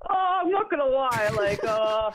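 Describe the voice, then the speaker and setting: A man's voice: very high voice, big pitch swings, unhurried, fairly bright tone. A man with a Canadian accent, a podcast guest who answers in a laid-back, evasive way. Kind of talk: casual chat.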